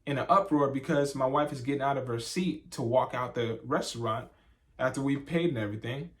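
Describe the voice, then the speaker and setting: A young man chatting casually on a couple's vlog, telling a story with lively energy and acting out the voices of the people in it. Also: medium pitch, a little fast. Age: young adult. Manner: animated storyteller, acts out voices in quotes. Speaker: vlogger, husband. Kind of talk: casual sit-down chat.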